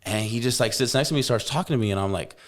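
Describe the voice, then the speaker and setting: A young man hosting a podcast tells a story in casual chat, animated and swearing freely as he acts out the voices he quotes. He speaks at medium pitch and a quick pace.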